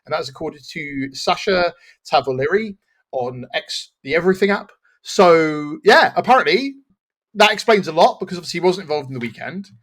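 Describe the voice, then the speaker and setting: A man's voice: fairly high pitch, expressive, a little fast, fairly bright tone. A man hosting a football podcast, chatting casually and rambling, laughing at his own slips. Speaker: podcast host. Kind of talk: casual chat.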